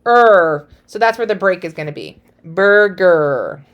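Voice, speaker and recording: A woman's voice: medium pitch, expressive, fast, lo-fi sound. A young woman teaching a recorded phonics lesson, speaking to young children in a chatty, encouraging way and calling them friends.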